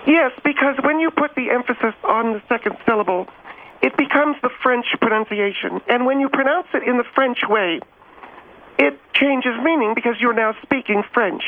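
A woman guest expert explaining pronunciation in a deadpan, pedantic manner. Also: on the high side, moderate pace, a little hiss or hum. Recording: tinny phone line.

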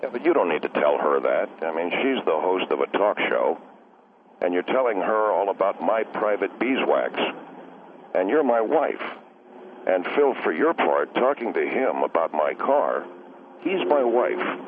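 A low voice with big swings in pitch talks a little slowly over a tinny phone line with slight background noise. It belongs to an actor portraying a defensive, rambling middle-aged husband who calls a radio comedy show and keeps swapping "he" and "she."

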